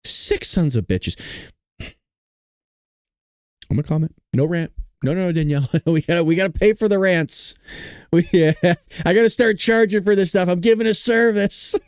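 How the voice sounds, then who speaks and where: A man hosting a political commentary show, reacting to a clip with loud, profane, mocking rants. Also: high-pitched, brisk, clear, resonant tone, dry recording, clean studio sound.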